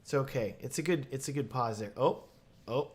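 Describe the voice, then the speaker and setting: A man's voice: medium pitch, normal speed. A man hosting a live video Q&A, talking casually and enthusiastically with lots of fillers and restarts. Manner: enthusiastic, rambling with many fillers. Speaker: host of live Q&A stream. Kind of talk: casual live-stream chat.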